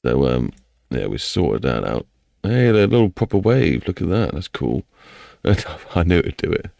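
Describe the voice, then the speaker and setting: A man's voice: extremely low pitch, big pitch swings, takes it slowly, gravelly, long pauses, mellow, dry recording, clean studio sound. A man with an English accent chatting casually on a live stream while he builds a game map, rambling and talking to himself and to chat.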